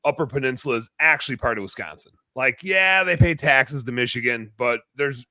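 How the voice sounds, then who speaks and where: A man hosting a podcast in casual chat, cracking deadpan teasing jokes. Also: medium pitch, fairly quick, no echo. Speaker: podcast host.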